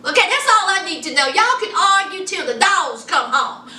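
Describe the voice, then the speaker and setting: A woman's voice: extremely high pitch, sing-song, moderate pace, bright, forceful tone, far from the mic. A woman giving a casual, chatty recap of a TV show, gossiping with sassy asides to her viewers. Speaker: TV show reviewer. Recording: echoey room, a bit off-mic, faint hiss.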